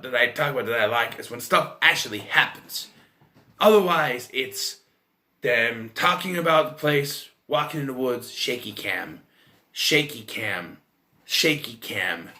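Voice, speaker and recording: A man's voice: fairly high pitch, bright, forceful tone. A man in his thirties giving a casual, rambling film review, swearing freely and restarting his sentences often. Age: 30s. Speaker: movie reviewer.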